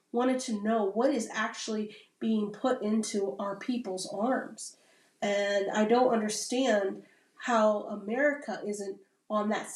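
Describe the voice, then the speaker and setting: A woman, a Navy veteran, talking in a casual, rambling podcast conversation and often checking in with "right?". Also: mid-range voice. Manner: rambling, keeps adding "right?" tags. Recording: roomy sound from a distant mic.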